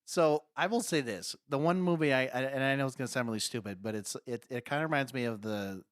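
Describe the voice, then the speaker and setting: A man's voice: medium pitch, quick pace, dry recording, studio quality. A man co-hosting a podcast in casual chat, rambling with many fillers and laughing often. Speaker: podcast co-host.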